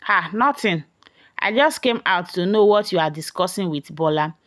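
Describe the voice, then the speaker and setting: A woman's voice: fairly low pitch, lively intonation, moderate pace, a bit bright, no echo, studio quality. A woman voicing a sly young man who accuses his brother. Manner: mocking, accusing.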